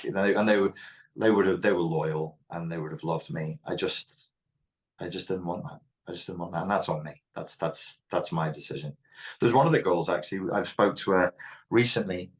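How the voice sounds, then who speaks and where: A man with a Liverpool Scouse accent, speaking frankly and reflectively as an interview guest. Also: low voice. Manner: reflective, frank, occasionally swears. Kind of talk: candid interview talk.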